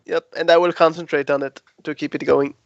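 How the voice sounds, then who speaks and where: A man playing a tabletop game, hesitant with many ums and quick to giggle. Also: on the high side, little pitch movement, vocal fry, no echo, muffled recording. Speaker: player. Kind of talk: tabletop role-play.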